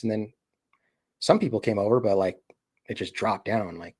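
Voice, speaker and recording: A man's voice: fairly low pitch, brisk. Rambling man chatting on a live stream. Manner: rambling, filler-heavy, acts out quoted voices. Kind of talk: casual live-stream chat.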